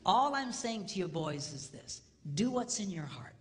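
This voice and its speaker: A male seminar speaker addressing a live audience in a comedic, preacher-like way. He swings from hushed near-whispers to loud, laughing shouts. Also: high-pitched, sing-song, moderate pace. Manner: preacher-like exhortation. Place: large hall before a live audience. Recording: hall reverb with faint noise.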